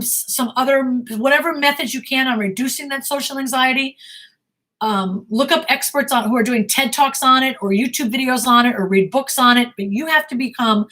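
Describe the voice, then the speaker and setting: A woman's voice: fairly high pitch, sharp tone. A middle-aged woman acting coach answering viewer questions in a blunt, emphatic way, often repeating herself.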